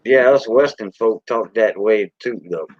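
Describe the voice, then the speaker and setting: A man's voice: lowish voice, a little slow, dry recording. A man from the Louisiana Gulf Coast with a Cajun accent, hosting a casual, rambling live-stream chat in a folksy way. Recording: dull lo-fi stream audio.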